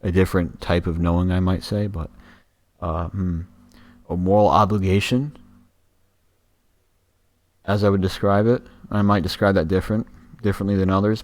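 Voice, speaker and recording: A man hosting a live stream, reacting to a video in a profane, rambling, animated way. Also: fairly low pitch. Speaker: podcast host.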